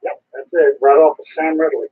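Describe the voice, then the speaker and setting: A man chats easily as he checks in to an amateur radio net. His voice is very raspy and rough. The transmission sounds thin and narrow, as if heard over a phone. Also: on the high side, brisk. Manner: relaxed, conversational. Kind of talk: ham radio net chat.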